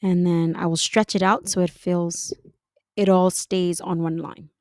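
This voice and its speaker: A woman giving a calm, step-by-step software design tutorial, talking through each click. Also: lowish voice, measured pace, no room sound, clean studio sound. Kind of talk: screen-recorded software tutorial.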